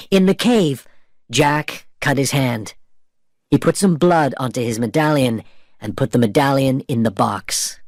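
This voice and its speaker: A man narrating an easy storybook for learners at a deliberately slow pace. His reading is expressive with wide pitch movement, and the recording is dry and close with no room sound. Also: no room sound. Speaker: reader of a graded story.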